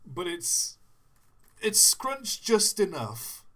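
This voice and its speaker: A man co-hosting a live stream, chatting casually and making deadpan jokes. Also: high voice, very slow. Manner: dry joking, deadpan asides. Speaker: streamer co-host.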